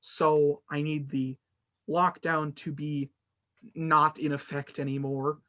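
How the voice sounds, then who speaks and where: A man's voice: on the high side, little pitch movement, slow pace, fairly bright tone. A man hosting a casual gaming podcast, rambling and self-deprecating, with lots of fillers and restarts. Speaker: podcast host.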